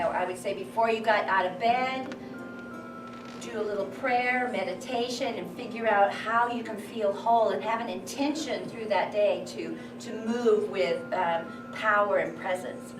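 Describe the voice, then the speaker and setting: A woman leading a confidence and voice workshop, encouraging a crowded room of girls through breathing exercises. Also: mid-range voice. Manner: encouraging, leads group exercises, loud counting drills. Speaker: workshop coach. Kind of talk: live workshop talk to a group. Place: crowded room with a group standing. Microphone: far room recording. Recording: echoey room from a distance with music.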